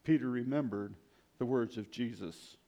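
A man's voice: medium pitch, normal speed, warm tone. Man reflecting while reading scripture. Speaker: preacher.

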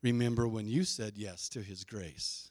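A man's voice: fairly low pitch, a little slow, darkish tone, no room sound. A middle-aged male pastor preaching a sermon, emphatic and leading the congregation in call-and-response.

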